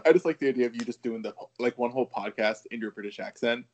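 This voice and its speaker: A man of middle pitch chats as a guest on a sports podcast. He is easygoing, jokes around and cheers his host on. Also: quick pace, darkish tone. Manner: easygoing, joking, encouraging. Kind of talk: casual sports podcast chat.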